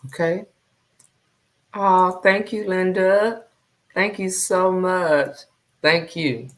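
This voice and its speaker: Low-voiced woman chatting with viewers. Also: steady tone, drawn-out words. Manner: greets viewers by name, repeats herself. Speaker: livestream host. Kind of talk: casual livestream chat.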